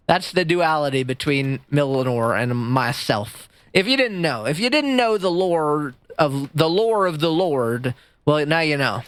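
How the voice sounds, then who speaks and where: Male streamer, casual stream chat: high voice, swooping animated delivery, self-deprecating humor. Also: unhurried, clean tone, dry recording. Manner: animated, goofy, self-deprecating, chats with viewers. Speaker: livestreamer. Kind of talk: casual live-stream chat while gaming.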